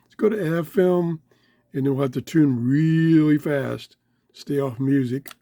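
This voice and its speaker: A man with a voice going hoarse, chatting excitedly as he tries out a small radio in his home office. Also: on the high side, measured pace, dry recording. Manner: chatty, easily excited, talks while fiddling. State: losing his voice, throat-clearing. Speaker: radio reviewer. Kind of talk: casual hands-on product review. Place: home office full of electronics.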